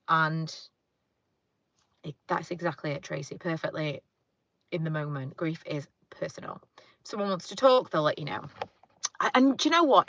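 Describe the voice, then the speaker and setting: A woman's voice: lowish voice, fairly bright tone, no room sound, lo-fi sound. A woman chatting casually in her car, reading viewer comments and rambling with lots of fillers. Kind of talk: casual car chat live stream. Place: inside a parked car.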